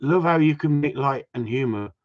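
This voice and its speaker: A man's voice: medium pitch, normal speed, lo-fi sound. A man, from Wigan, chatting on a livestream, joking, swearing and rambling at his viewers. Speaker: gundog trainer. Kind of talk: casual livestream chat.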